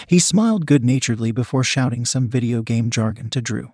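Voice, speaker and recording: A man reading a first-person story aloud in an even, measured narration. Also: medium pitch, breathy edge, no echo, clean studio sound. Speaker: audiobook narrator.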